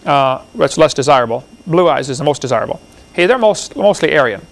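A man giving a classroom lecture, reading book passages aloud in an impassioned, rambling way with a gravelly voice. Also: a little high, animated, brisk.

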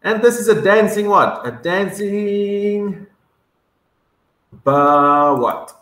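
Very slow, lively teacher in an echoey room. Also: male voice, high-pitched. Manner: drawn-out, sounding words out, coaxing children to repeat. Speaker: English teacher for young children. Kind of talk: vocabulary lesson for kindergarteners.

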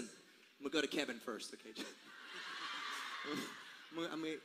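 A man's voice: high voice, huge pitch swings, normal speed, long pauses. Chatty man on stage in a big hall. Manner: chatty, laughing, rambling storyteller. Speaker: singer addressing a concert crowd. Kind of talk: onstage banter. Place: large concert venue on stage. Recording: live hall reverb, faint crowd noise.

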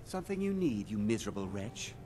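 An actor playing a gruff male shopkeeper in a game who insults his customers. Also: fairly low pitch, sing-song, quick pace, a crowd in the background. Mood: surly. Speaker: merchant. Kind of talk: game character dialogue. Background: game music.

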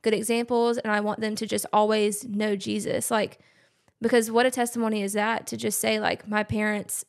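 A young woman, a podcast guest talking earnestly and softly in casual chat. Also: mid-range voice, level tone, normal speed, gravelly.

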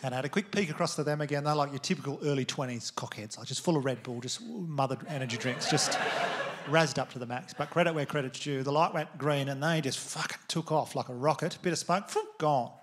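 A man's voice: a little high, fairly quick. An Australian man in his thirties performing a stand-up comedy set, telling rambling stories full of swearing. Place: theatre stage with live audience.

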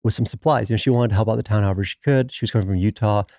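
A man, talking fast in a low, mellow voice. He tells a long story in casual conversation and acts out every quoted line. The sound is close and dry. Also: no echo. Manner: animated storyteller who acts out quoted dialogue. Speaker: podcast guest.

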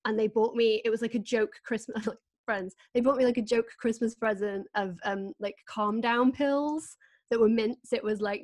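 A woman's voice: fairly high pitch, steady tone, normal speed, no room sound. A woman, hosting a casual video-call chat, candid and laughing often as she tells stories. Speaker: host.

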